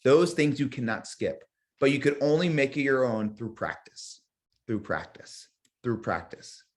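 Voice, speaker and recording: A man teaching real estate agents in a live webinar, energetic, repeating key phrases and acting out sample sales calls. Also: medium pitch.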